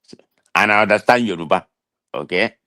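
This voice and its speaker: A man's voice: sits low, brisk, no room sound, clean studio sound. A man with a thick Nigerian accent and a nasal voice, chatting on a talk show and defending himself with lots of restarts. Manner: defensive, animated, restarts often. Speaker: guest. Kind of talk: casual chat. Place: America.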